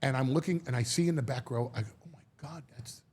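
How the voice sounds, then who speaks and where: A middle-aged man appears as a guest in a sit-down interview, telling stories in a quick, husky, mid-range voice. He's animated, tends to repeat words, and acts out the voices of people he quotes.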